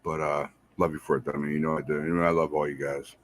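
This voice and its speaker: A married man hosting a podcast, giving casual, rambling shout-outs to listeners and repeating himself in a friendly way. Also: a bass voice, little pitch movement, quick pace, a little hiss or hum. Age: adult, married. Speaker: podcast host.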